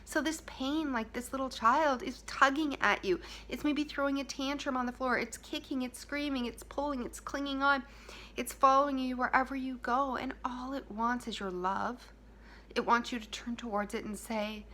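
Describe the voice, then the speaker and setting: Woman, motivational talk, soft and intimate, repetitive phrasing, somewhat high pitch. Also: fairly even intonation, moderate pace. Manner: soft and intimate, drops to whispers, repeats phrases. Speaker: self-help speaker.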